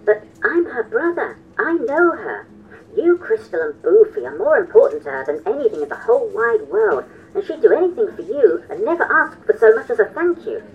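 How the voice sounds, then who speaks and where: A woman's voice: a little high, very animated, fairly quick, phone-quality sound. A woman voicing Bert, a nervous, earnest brother who stumbles hesitantly into what he has to say.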